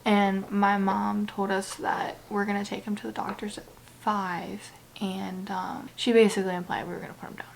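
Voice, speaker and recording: A young woman talking casually to camera in a personal vlog, soft and halting, often dropping to a near whisper and close to tears. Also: mid-range voice, flat delivery, gravelly, slight background noise. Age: young adult. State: tearful. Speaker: book vlogger.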